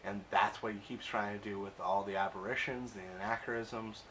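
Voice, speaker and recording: A man's voice: on the low side, steady tone, a little fast, a bit bright, slight background noise. Chatty man recapping a TV episode. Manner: chatty, amused, peppered with uh and um. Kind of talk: casual recap and review.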